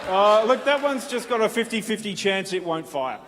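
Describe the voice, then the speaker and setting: An Australian man with a fairly high voice plays it deadpan as he explains joke items on a live panel. The hall adds a long reverb, with a faint hiss underneath. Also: normal speed. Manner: deadpan explainer of joke perks, laughs along. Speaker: convention panel co-host. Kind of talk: comedic live panel banter. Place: convention hall stage.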